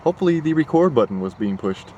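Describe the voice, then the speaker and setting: A man's voice: fairly high pitch, big pitch swings, fast talker, muffled recording, background noise. A young man talking casually in a vlog, rambling and worked up, full of fillers and asides. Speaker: vlogger. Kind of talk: casual chat. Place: partly in a car.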